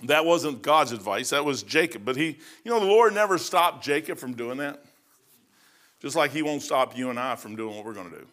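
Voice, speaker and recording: A middle-aged male pastor preaching a sermon in a folksy storytelling way, acting out quotes loudly. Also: medium pitch, animated, moderate pace.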